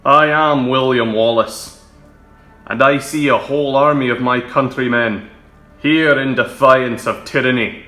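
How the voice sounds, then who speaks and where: A man's voice: medium pitch, steady tone, measured pace, reverberant, faint music behind. A man playing rousing rebel leader William Wallace. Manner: rousing, building to shouted peaks. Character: defiant male rebel leader rousing troops.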